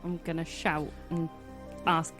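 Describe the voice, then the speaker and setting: A woman's voice: sits low, flat delivery, measured pace, over music. Playful woman gaming with friends. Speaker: player. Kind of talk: casual tabletop play.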